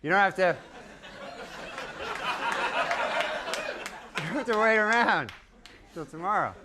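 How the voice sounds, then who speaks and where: A man doing a stand-up routine in a deadpan, rambling way, chuckling at his own jokes. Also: high-pitched, extremely slow. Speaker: stand-up comedian. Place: comedy stage with a live audience. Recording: live stage recording with loud crowd and noise.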